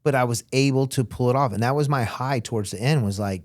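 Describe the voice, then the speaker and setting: A man's voice: medium pitch, quick pace, dry recording. A man from Florida talks through his past as an interview guest in a loose, casual way, and his voice jumps around as he acts out other people's lines. The sound is close and dry, with no room around it. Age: young adult. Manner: animated, acts out quotes of others. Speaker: interview guest, former smuggler.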